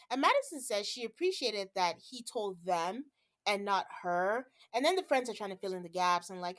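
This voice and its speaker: A woman's voice: mid-range voice, moderate pace. A woman hosting a casual podcast, talking through episode recaps in a chatty way. She slips into quoted voices for the people she describes and laughs easily along the way. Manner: chatty, animated when quoting people, laughs often. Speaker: podcast host.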